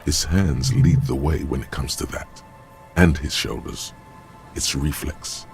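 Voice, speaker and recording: A male voice actor narrating a video game as a grave, measured inner voice describing the scene. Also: extremely low pitch, faint music behind. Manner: calm, descriptive, commanding.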